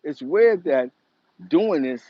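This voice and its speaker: A man's voice: fairly high pitch, lively intonation, slow, dry recording. Rambling New man, muffled dry sound. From the Bronx, New York. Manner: rambling and emphatic, with many restarts and asides. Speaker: host. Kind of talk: casual commentary monologue.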